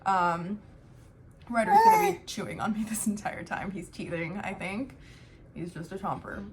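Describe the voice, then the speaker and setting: A young woman vlogging at home, talking openly and thoughtfully with lots of casual fillers. Her voice sits at an ordinary middle pitch, and a faint hum of noise runs under the recording. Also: sing-song, normal speed. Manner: candid, reflective, many "um" and "like" fillers. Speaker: family vlogger. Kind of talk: casual talk to camera. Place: home, with a baby in her arms.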